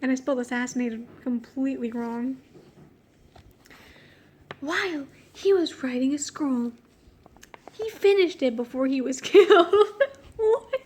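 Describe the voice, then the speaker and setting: A woman's voice: sits high, lively intonation, measured pace, pauses often, darkish tone. Giggly woman reading her old story. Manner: giggly, self-mocking, breaks off to laugh. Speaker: reader of her own childhood story. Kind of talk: casual reading with joking commentary.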